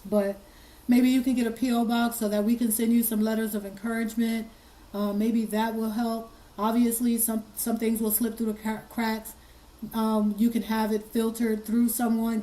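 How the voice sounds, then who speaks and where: A woman talks to her audience with a hoarse, tearful voice that she keeps steady. Her tone is dark and mellow and stays mostly level. She is earnest and repeats herself as she presses on. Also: on the high side, moderate pace, low-quality recording. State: hoarse, fighting tears. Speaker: commentary channel host. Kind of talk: emotional commentary.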